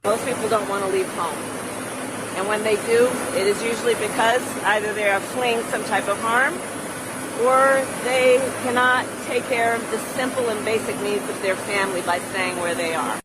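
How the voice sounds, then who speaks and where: A woman politician giving a public speech in a measured, deliberate way. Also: medium pitch, fairly even intonation. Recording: archive clip with loud background noise.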